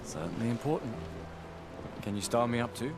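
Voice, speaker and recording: An actor playing a steady, wry man on the eve of an expedition, with dry, understated humor. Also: mid-range voice, brisk, natural voice. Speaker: expedition member. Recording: game audio with music underneath.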